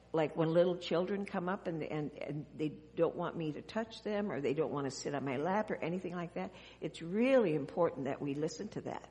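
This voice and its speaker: A woman pastor talks gently to children in a church sanctuary, often stopping to ask them questions. Her voice sits a little low. The sound carries a long, lingering church reverb. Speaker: pastor giving a children's message. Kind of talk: children's sermon.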